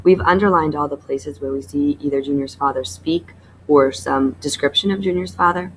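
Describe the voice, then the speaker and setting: Reading a novel aloud to her class, a woman teacher keeps a plain, even delivery and pauses to explain a writing assignment. Her voice is low and moderately paced, and the low-quality recording carries a slight hiss or hum.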